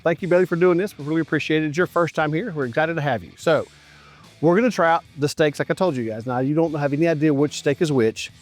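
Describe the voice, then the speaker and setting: A middle-aged man hosting a barbecue cooking show outdoors at a grill, chatting enthusiastically and straight to his viewers as he tastes. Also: a little high. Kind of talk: casual cooking and tasting commentary.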